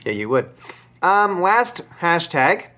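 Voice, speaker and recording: A man hosting a podcast and running a game segment, talking in a halting, dry way with many fillers. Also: sits high, very animated, pushed and bright. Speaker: podcast host.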